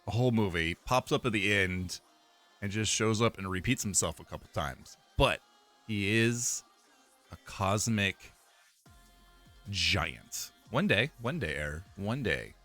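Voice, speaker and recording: A man's voice: on the low side, lively intonation, measured pace, bright, forceful tone, faint music behind. A young man streaming live, chatting casually and rambling, repeating himself with fillers and laughs.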